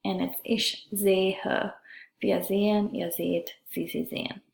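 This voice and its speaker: Slow, gravelly-voiced woman teaching German grammar. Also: medium pitch, level tone. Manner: slow, careful, drawn-out pronunciation of examples. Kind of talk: classroom grammar lesson. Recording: echoey room.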